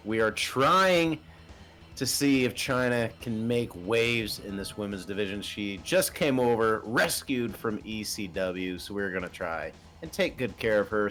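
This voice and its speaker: A man giving a casual, upbeat recap of his turn in a wrestling game league. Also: medium pitch. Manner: upbeat, excited. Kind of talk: casual gameplay recap commentary.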